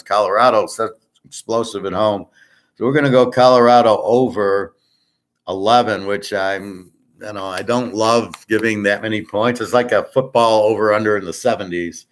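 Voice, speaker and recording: Brief: man, lowish voice, casual sports handicapper, rambling stat-heavy delivery. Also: steady tone, normal speed. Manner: rambling, stats-heavy, with many fillers. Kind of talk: casual betting picks talk.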